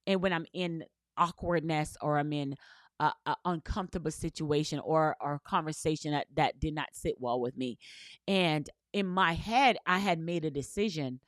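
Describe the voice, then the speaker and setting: A woman with a deep voice speaks at a moderate pace, with no room sound. She's a business coach delivering an earnest motivational talk, telling stories over and over, often tagging lines with "right?" and drawing on faith and spiritual language.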